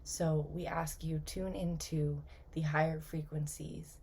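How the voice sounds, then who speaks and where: A woman channeling a gentle, loving spirit collective, speaking slowly in a soft, half-whispered voice. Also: low voice, steady tone, breathy edge, heavily acted. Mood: tender. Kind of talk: spoken channeling message.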